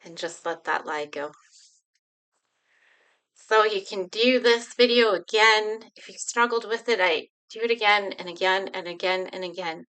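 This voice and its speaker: Bright-voiced woman guiding a healing exercise. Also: mid-range voice, clean tone, low-quality recording. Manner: slow, soothing, repetitive guidance. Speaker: healing coach. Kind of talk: guided emotional healing exercise.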